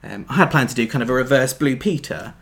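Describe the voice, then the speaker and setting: Gravelly man preaching a sermon. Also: medium pitch, fast talker. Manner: earnest, builds to emphatic peaks then drops soft.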